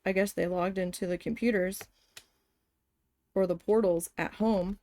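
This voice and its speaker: A woman's voice: mid-range voice, fairly even intonation, unhurried, pauses often, warm tone, no echo. A woman chatting casually while she embroiders, telling a long story in a rambling, profane way with lots of fillers. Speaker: craft vlogger.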